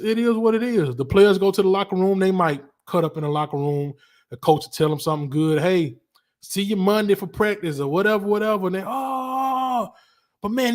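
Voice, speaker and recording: A man from Alabama with a Southern accent, hosting a casual livestream and ranting about college football in a rambling, animated way full of slang. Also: on the high side. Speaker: livestream host.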